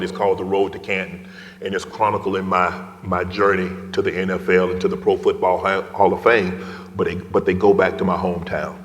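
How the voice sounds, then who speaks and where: A middle-aged man giving an emotional personal story as a guest speaker at an event, his delivery swinging from loud to hushed whispers. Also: sits low. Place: large event hall. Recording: long reverb of a large hall.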